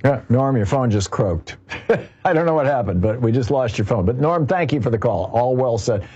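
A male call-in radio host with a mellow, slightly husky voice. He talks in a measured, agreeable way and hedges as he thinks aloud. The studio sound is a little dull. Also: medium pitch, expressive.

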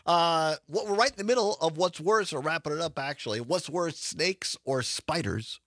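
A man's voice: on the high side, normal speed, a bit bright, no room sound. A man hosting a call-in radio show in a studio, chatting casually, joking and laughing often. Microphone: studio microphone.

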